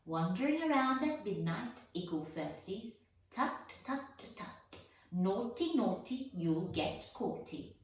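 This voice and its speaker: A woman's voice: mid-range voice, lively intonation, takes it slowly. A woman voicing a mischievous male poltergeist who taunts in a sing-song voice, recorded in an echoey room from far off the mic. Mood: taunting.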